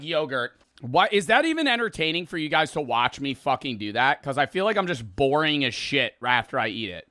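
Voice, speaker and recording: A man's voice: fairly high pitch, sharp tone, dry recording. A young man chatting on a livestream, swearing a lot and sounding exasperated while he reels from spicy food. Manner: profane, exasperated, rambling. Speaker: streamer. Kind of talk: casual livestream chat.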